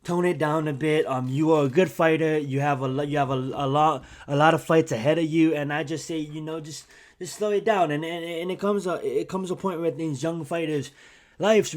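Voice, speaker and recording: A young man talks straight to his channel's viewers, chatting casually about a fight. He rambles and restarts, piling on fillers and getting excitable as he goes. His voice sits a little on the high side for a man. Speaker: YouTube channel host. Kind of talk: casual fight commentary vlog.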